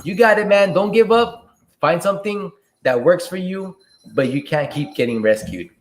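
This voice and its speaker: A man with a fairly high voice hosts a casual livestream Q&A from a room at home. He reads viewer questions out loud and answers them in a relaxed, laid-back way. His voice rings in a bouncy, echoey room. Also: normal speed, slight background noise. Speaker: livestream host and delivery driver.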